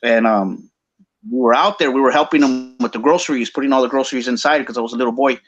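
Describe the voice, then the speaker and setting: A man's voice: mid-range voice, fast, lo-fi sound. A man with a Chicano English accent telling a story casually, slangy and mixing English with Spanish.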